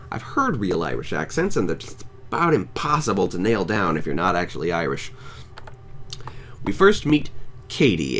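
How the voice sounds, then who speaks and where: A man hosting a podcast, reading a scripted film review in a wry, enthusiastic way. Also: sits low. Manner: wry, enthusiastic, lively intonation. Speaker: podcast host.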